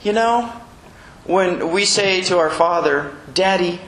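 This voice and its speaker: High-voiced gravelly preacher in an echoey room. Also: male voice, slow. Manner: animated, acts out quotes with chuckles. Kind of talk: sermon. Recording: echoey room with faint noise.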